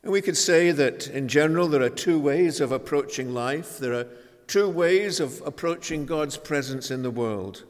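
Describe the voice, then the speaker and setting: A man preaching a sermon in a measured, emphatic way, with dramatic pauses. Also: on the high side. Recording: long hall reverb.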